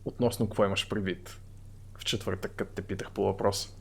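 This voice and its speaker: A man's voice: fairly low pitch, little pitch movement, a little fast, vocal fry, slight background noise. A man streaming a game, reading its text aloud and chatting. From Bulgaria. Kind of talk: live-stream game narration and chat.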